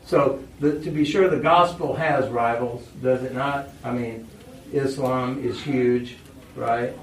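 A man's voice: medium pitch, fairly even intonation, slow pace. A male pastor preaching a sermon, telling stories and asking his congregation questions. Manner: storytelling, asks the congregation questions. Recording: echoey room, voice from far off.

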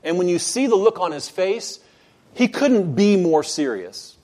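A man's voice: high voice, big pitch swings, a little slow. Earnest man preaching a sermon. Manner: earnest preaching that builds to loud emphatic outbursts. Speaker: pastor.

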